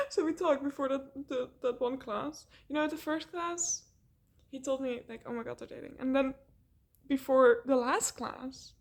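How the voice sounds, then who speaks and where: A young woman telling a rambling, animated story in a casual vlog, laughing often and swearing. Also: high voice, moderate pace.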